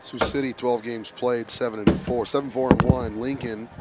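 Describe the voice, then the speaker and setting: A man with a raspy voice calling a youth hockey game play by play, casual, with filler words and frequent throat clearing. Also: mid-range voice, steady tone, moderate pace, very noisy. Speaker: play-by-play announcer. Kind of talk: amateur hockey commentary.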